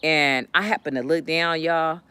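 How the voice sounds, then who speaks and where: A woman telling stories casually to her live chat, animated and laughing often. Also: unhurried, smooth, dry recording. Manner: animated, laughs often, jumps high when retelling. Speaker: live streamer chatting with viewers.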